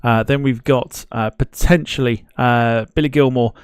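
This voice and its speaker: A man's voice: mid-range voice, steady tone, moderate pace, clean tone, no room sound, studio quality. A man hosting a live football watchalong stream, chatting casually, greeting viewers in the chat and laughing at himself as he rambles.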